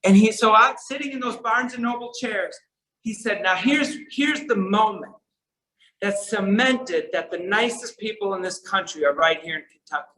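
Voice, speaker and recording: Guy with a high voice telling an earnest story at a conference, soft then emphatic. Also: moderate pace, low-quality recording. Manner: earnest, shifts between soft and emphatic delivery. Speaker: keynote speaker.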